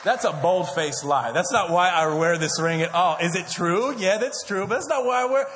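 Joking pastor in a reverberant hall. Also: male voice, high-pitched, normal speed, crowd noise, background noise. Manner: joking, animated storytelling to a congregation, calls for amens. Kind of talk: sermon. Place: large church auditorium. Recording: long hall reverb from a church auditorium.

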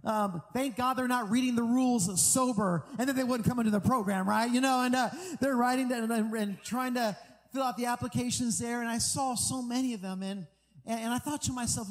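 A man's voice: extremely high pitch, fairly quick, in a large hall. A middle-aged American pastor preaching an earnest, conversational sermon, often restarting his sentences.

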